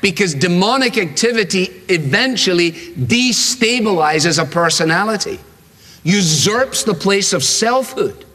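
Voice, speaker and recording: A man delivering a sermon, emphatic and repetitive, slowing down to read out verses. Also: high voice, lively intonation, a bit bright. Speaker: preacher. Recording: long hall reverb.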